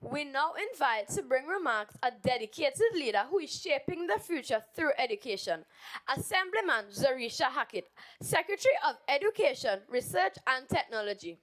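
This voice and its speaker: A woman's voice: sits high, very animated, moderate pace, a bit bright, low-quality recording. A woman acting as master of ceremonies, formally introducing speakers in a legislative chamber. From Trinidad and Tobago. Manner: announcing, ceremonial.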